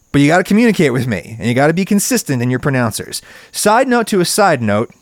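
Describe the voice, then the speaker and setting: A man's voice: dry recording, clean studio sound. A man hosting a solo video essay, giving opinionated commentary in a wry, emphatic way and leaning hard on stressed words. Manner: wry, emphatic, wide swings in pitch for stress.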